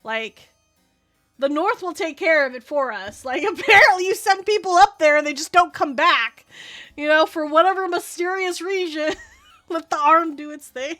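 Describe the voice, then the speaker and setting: A woman streamer chats casually with her viewers while playing, excitable and quick to laugh and swear. Her voice sits high and sounds bright and sharp. Faint music plays behind her. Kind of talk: casual live-stream gaming chat.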